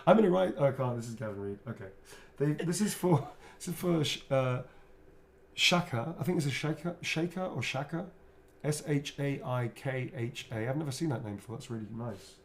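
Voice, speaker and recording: A man chatting casually while he signs autographs on a livestream. He teases playfully, swears freely, chuckles often and drops to a quiet mutter while he draws. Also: medium pitch, moderate pace, slight background noise. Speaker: actor signing autographs on a livestream. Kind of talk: casual chat while signing.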